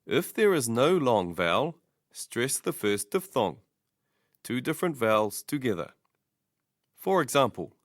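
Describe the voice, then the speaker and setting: Slow, deliberate male language teacher. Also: medium pitch, big pitch swings, dry recording, studio quality. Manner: slow, deliberate, repeats each word as a model. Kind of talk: scripted pronunciation lesson.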